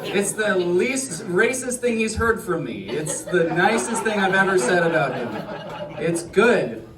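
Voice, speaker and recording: A male stand-up comedian telling a rambling, self-deprecating set in deadpan. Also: high-pitched, measured pace, far from the mic. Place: comedy club stage. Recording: roomy club sound with crowd laughter.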